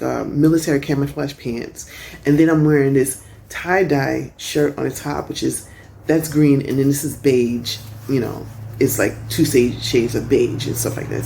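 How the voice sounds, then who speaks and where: A middle-aged woman chatting and telling stories in a casual vlog, recorded outdoors on a porch. She is animated and laughs often. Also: low-pitched, creaky, a little hiss or hum. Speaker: vlogger.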